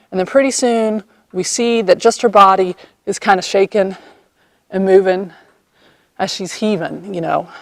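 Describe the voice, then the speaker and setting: A woman vlogger telling a personal story in a lively way, acting out the quoted lines and laughing often. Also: mid-range voice, no echo.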